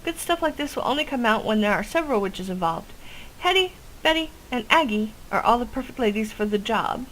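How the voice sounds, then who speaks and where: A woman's voice: fairly high pitch, animated, a little fast, a bit bright, a little hiss or hum, voice pushed up, poor audio. A woman voicing a chatty old witch who brews potions and talks in a folksy, rambling way. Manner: folksy, rambling, ends lines with "cha".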